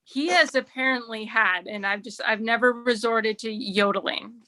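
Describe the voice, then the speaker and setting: A woman's voice: on the high side, normal speed, sharp tone. A woman performing a wry, chatty stand-up set at an online open mic, full of "like"s. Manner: wry, chatty delivery with many "like"s. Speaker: stand-up comedian. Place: remote open mic over video stream.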